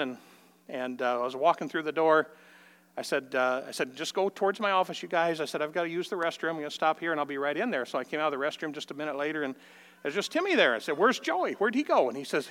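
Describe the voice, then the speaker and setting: An older man telling a folksy personal story in a sermon, acting out the dialogue in a raised voice. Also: a bit bright. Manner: folksy, acts out the dialogue with rising pitch.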